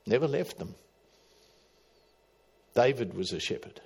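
A middle-aged man preaching a sermon, swinging from loud emphatic calls to quiet, low asides. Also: animated, unhurried, creaky, slightly rough. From Australia. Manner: dramatic, rising to loud emphatic calls then dropping quiet. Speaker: pastor.

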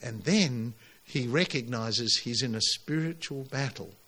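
A man preaching a sermon to his congregation, emphatic and animated, pushing his voice up on key lines. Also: mid-range voice, measured pace, slightly rough. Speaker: pastor.

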